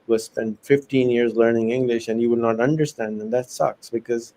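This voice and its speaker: A man's voice: mid-range voice, fairly even intonation, brisk, warm tone, rough recording. A man hosting a casual conversation, talking emphatically and repeating phrases for stress. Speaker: host.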